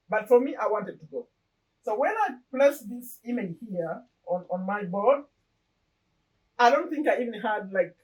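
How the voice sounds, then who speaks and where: A woman's voice: medium pitch, darkish tone, distant mic, rough recording. A middle-aged woman talking casually to the camera in an earnest way, often repeating and restarting her phrases. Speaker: vlogger. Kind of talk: casual personal talk to camera.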